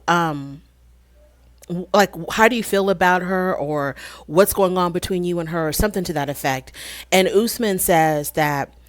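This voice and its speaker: A woman's voice: lowish voice, no echo. A woman casually recapping a reality TV episode, chatty and conversational, acting out the people she quotes and asking rhetorical questions. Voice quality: frequent fillers and restarts, rhetorical questions. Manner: chatty and conversational, retelling scenes with quoted voices.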